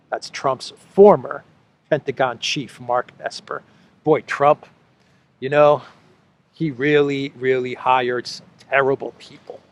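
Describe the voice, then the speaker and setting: A man's voice: medium pitch, fairly even intonation, slow pace. A man hosting a solo political commentary show, talking sarcastically and repeating phrases for effect.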